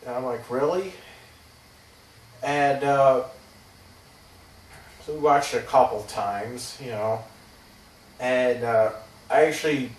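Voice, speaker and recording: A man's voice: mid-range voice, takes it slowly, long pauses. A man in his thirties rambling through a personal story, hesitant and casually swearing. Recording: roomy, distant from the mic.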